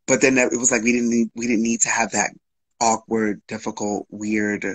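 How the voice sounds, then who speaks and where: Frank, husky-voiced man. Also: fairly low pitch, level tone, moderate pace, a bit bright, low-quality recording. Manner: open, emotional, frank, with casual swearing. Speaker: guest. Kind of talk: candid personal storytelling on a live stream.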